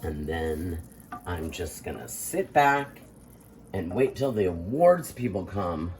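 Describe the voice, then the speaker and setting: Very low-voiced playful woman cooking host. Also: sing-song, slow, darkish tone, slight background noise. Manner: playful, theatrical, self-mocking boasts. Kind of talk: casual cooking demonstration. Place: home kitchen.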